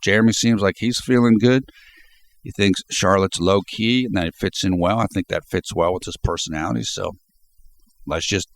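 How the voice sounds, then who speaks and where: A man giving relaxed, off-the-cuff spoken commentary on a basketball player for his video channel. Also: low-pitched, normal speed, gravelly. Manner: relaxed, reflective, speaks off the cuff. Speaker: sports video blogger.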